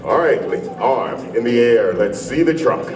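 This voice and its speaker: An actor playing a proud male troupe leader who hosts a live stage show with a grand, drawn-out showman delivery. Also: medium pitch, animated. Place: large indoor theater. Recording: distant echoey theater with music and crowd.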